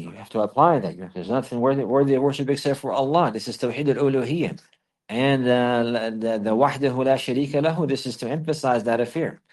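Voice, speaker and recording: A man's voice: medium pitch, darkish tone. Male teacher repeating phrases for emphasis. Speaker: Islamic teacher. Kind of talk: religious lesson, explaining Arabic text.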